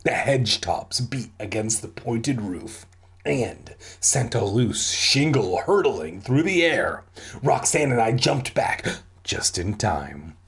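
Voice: medium pitch, sing-song, takes it slowly. A reader casually reading a spooky book aloud, adding jokey, irreverent asides.

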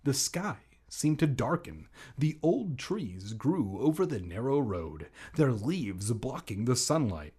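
A man reads a children's book aloud in a slow, husky voice, cracking offhand jokes between the sentences. His pitch swings widely and keeps the reading lively. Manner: jokey asides while reading. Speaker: reader.

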